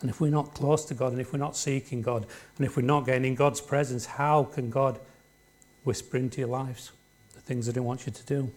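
The preacher delivers his sermon from the church front at a brisk pace, his middle-range voice fairly even in intonation. His style is plain and conversational, peppered with "isn't it?" and "don't we?" aimed at the congregation.

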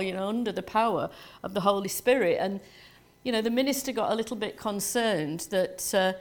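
A woman pastor giving a sermon to her church in a relaxed, conversational way, full of "you know" and "um". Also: medium pitch.

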